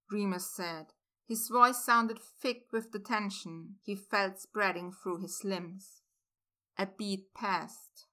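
A woman reads a story aloud at a very slow, measured pace. Her voice is bright and clear, sitting in a middle pitch, with each sentence laid out deliberately. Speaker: narrator. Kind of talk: reading fan fiction aloud.

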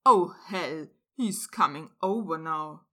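A woman's voice: lowish voice, a little slow, fairly bright tone. A woman doing a blunt, protective young man. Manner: plain-spoken, casual.

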